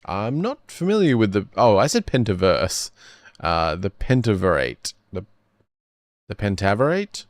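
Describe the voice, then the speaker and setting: A man's voice: lowish voice, a little slow, no echo, clean studio sound. A man streaming casually, rambling and correcting himself as he reacts to videos. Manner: rambling, self-correcting, lively.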